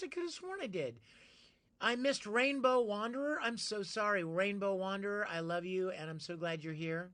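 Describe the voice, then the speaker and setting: A bright, ringing male voice chatting live with viewers from a home streaming setup. He is playful and greets people by name with sudden bursts of excitement. He then drops into easy, joking banter. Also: sits high, normal speed.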